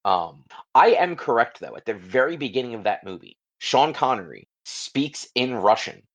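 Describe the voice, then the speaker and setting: A man co-hosting a podcast, explaining his view at length in relaxed casual talk. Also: medium pitch, moderate pace. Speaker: podcast co-host. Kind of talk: casual chat.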